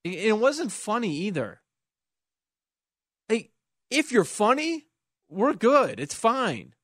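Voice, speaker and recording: A man's voice: high-pitched, big pitch swings, takes it slowly, a bit bright, no room sound. A man hosting a sports talk radio show, opinionated and wry, taking callers and reading texts in the studio. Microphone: studio microphone.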